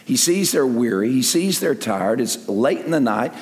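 An older man preaching a sermon in an animated way, dropping to near-whispers and then rising to loud emphasis. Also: medium pitch, moderate pace. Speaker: pastor. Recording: echoey hall with long reverb.

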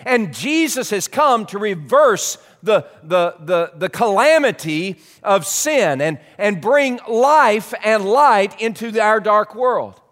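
Animated male pastor preaching in a hall. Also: sits high, slow, hardly any pauses. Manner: animated preaching with repetitions and stretched emphasis. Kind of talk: sermon.

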